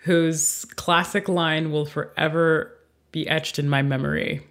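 A woman's voice: low-pitched, fairly even intonation, unhurried, fairly bright tone. A woman panelist recapping favorite podcast moments in a bubbly, laughing, casual way.

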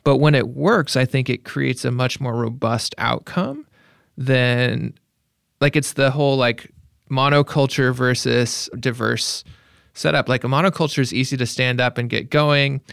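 Gravelly-voiced man in casual tech chat. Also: mid-range voice, a little slow, fairly bright tone, dry recording, clean studio sound. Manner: thoughtful, hedging with "like". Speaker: podcast panelist.

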